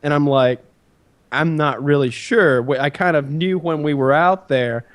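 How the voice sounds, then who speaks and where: Man, podcast co-host, casual storytelling, animated quoting, slightly high voice. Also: unhurried. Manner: animated, acts out quotes with jumps in pitch.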